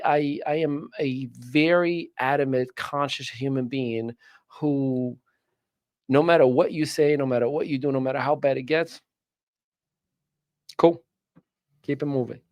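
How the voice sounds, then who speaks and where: A man's voice: medium pitch, no room sound. A man hosts a casual talk on personal growth, with a mid-range voice recorded close and dry. He tells his stories with energy and acts out what other people said to him. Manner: animated storyteller, acts out quoted voices. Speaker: host, personal growth speaker. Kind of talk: casual chat.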